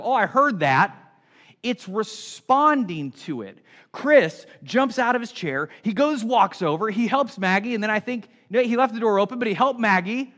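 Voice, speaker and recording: A middle-aged male pastor preaching a sermon in a conversational style, acting out little everyday scenes as he goes. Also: high voice. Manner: animated, conversational preaching with acted-out asides.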